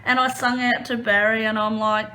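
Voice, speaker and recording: A woman chatting casually as she crafts, retelling a story in an expressive, animated way. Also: on the high side, moderate pace, slight background noise. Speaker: crafting vlogger.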